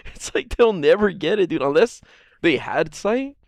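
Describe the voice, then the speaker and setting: A man's voice: sits high, expressive, measured pace, no room sound. Profane rambling man streaming. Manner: rambling, profane, laughs often. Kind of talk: casual stream chat.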